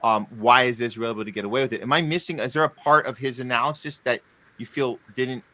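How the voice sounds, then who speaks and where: A podcast co-host with a bright, sharp voice talks in a casual, questioning way. He often restarts his sentences as he feels his way toward a point. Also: medium pitch, fast talker, rough recording. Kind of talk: casual chat.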